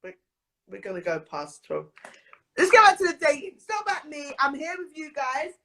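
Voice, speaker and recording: A woman's voice: high-pitched, huge pitch swings, normal speed. Effusive woman live streaming. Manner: effusive, emotional and loud. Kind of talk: casual live stream chat.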